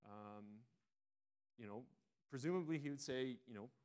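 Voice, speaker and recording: A man's voice: medium pitch, unhurried, darkish tone, smooth. A male preacher delivers his sermon like a chat with the congregation, in an ordinary mid-range voice. He often backs up and rephrases as he retells the story. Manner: conversational retelling with frequent restarts.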